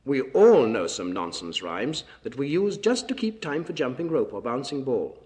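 A man's voice: mid-range voice, big pitch swings, moderate pace, darkish tone. A man presenting for children, singing and reciting nursery rhymes in a playful, coaxing sing-song. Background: music.

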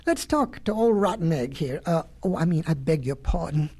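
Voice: medium pitch, expressive, normal speed, darkish tone, breathy edge. A narrator doing a sly, breezy fox. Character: smooth, sly male fox.

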